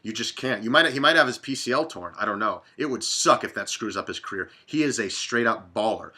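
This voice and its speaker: Casting: man in his thirties, sports betting host, casual rambling monologue, blunt and profane, bright edge to the voice. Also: lowish voice, lively intonation, brisk, husky. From Dallas, Texas.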